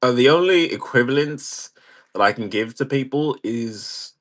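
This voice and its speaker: A man's voice: mid-range voice, expressive, moderate pace, fairly bright tone. A man hosting a livestream in a casual, wry manner, chatting and reacting to viewer comments. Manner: chatty, wry, reads chat aloud and laughs. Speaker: livestream host.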